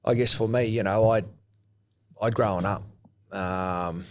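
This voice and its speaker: A man from New Zealand with a broad Australian-tinged New Zealand accent, talking casually as an interview guest, relaxed and hesitant with frequent ums. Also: fairly low pitch, slow pace. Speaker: guest, former rugby league player.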